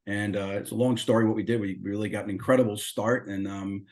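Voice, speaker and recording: A man's voice: on the low side, fast. A middle-aged man as an interview guest, telling his story casually and acting out quoted dialogue. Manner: lively storyteller who acts out quoted dialogue.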